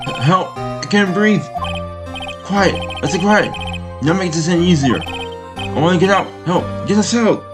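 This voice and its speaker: A man voicing panicked men trapped in a dark elevator, shouting over one another, over loud game music. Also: high-pitched, expressive, measured pace, voice pushed up.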